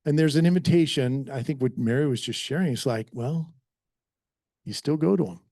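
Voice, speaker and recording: A man's voice: medium pitch, moderate pace, warm tone, no echo, clean studio sound. A middle-aged man preaching a sermon in an earnest, conversational way, telling stories about himself. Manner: earnest, conversational, self-deprecating storytelling. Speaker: pastor.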